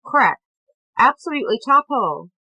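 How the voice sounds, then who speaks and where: Lady putting on a boastful hearty middle-aged guy, clipped blustery slang, loud and a bit high, dry sound. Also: very animated, normal speed, no echo, full character voice, low-quality recording.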